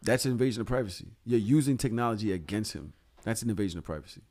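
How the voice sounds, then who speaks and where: A man's voice: lowish voice, animated, very fast, a little mellow. A man co-hosting a podcast, teasing and arguing in casual chat. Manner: teasing, argumentative. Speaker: podcast co-host.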